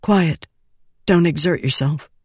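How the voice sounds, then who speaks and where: A narrator voicing a shaken young woman who speaks in a hushed, soothing way to someone hurt. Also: medium pitch, slow, breathy edge, no echo. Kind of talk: audiobook character voice.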